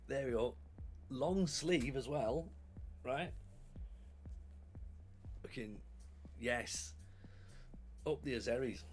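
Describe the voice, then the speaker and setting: A man's voice: mid-range voice, extremely slow, pauses often, faint music behind. A man streaming from home, chatting casually and animatedly with his live chat. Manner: chatty, animated, often laughs.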